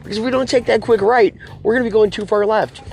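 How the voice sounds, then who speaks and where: A man's voice: sits high, fairly even intonation, fast talker, darkish tone, slight background noise. A man hosting a political talk show, ranting to his viewers in a preachy way and calling them folks and guys.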